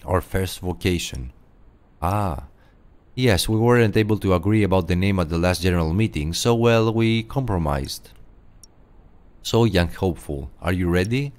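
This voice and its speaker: A man's voice: deep voice, lively intonation, normal speed. A man voicing a pompous knight of a secret order in a video game, grandiose and theatrical, slipping into game-show host patter. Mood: solemn. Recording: game audio over loud music.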